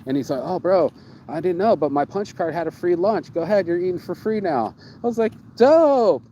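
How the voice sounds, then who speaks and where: A man hosting a casual chat, telling his travel stories in an excitable, profane way and repeating words for emphasis. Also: a little high, fairly quick, lo-fi sound, a little hiss or hum. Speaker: show host.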